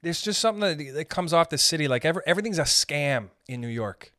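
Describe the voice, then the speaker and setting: A man's voice: on the high side, expressive, pushed and bright, dry recording, clean studio sound. Rambling profane man on a podcast. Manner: rambling, profane, does quick character voices. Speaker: podcast host. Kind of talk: casual comedic rant.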